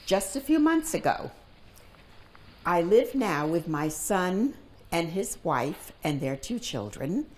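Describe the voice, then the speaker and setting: Woman in her nineties, low voice, calm unhurried storyteller for an oral history. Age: 90s. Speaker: interviewee. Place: library reading room.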